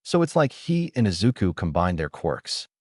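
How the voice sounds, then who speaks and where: Man playing a calm nerdy teen boy laying out a theory, lowish voice. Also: normal speed, dry recording, studio quality. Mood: thoughtful.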